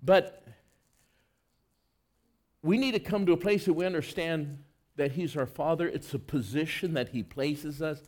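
A male preacher with a notably high voice delivers his sermon in an earnest, conversational way. He leans hard into emphatic lines, then sinks into soft, low stretches. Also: measured pace, pauses often.

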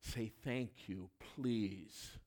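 A man preaching a sermon, asking the congregation questions and dropping from loud emphatic lines to hushed asides. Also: fairly low pitch, extremely slow. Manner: asks the congregation questions directly. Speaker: pastor.

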